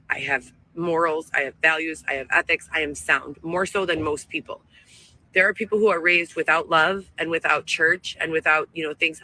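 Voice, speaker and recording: A played-back clip features a woman living in a tent outdoors, giving a wandering, emotional, self-righteous monologue. Her voice is low and sharp, and the audio is poor.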